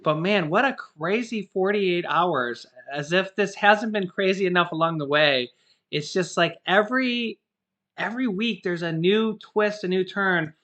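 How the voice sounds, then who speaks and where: A man's voice: sits high, a little slow, fairly bright tone. A man co-hosting a casual news chat show, talking loosely and joking. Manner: chatty, jokey, acts out quotes. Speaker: co-host.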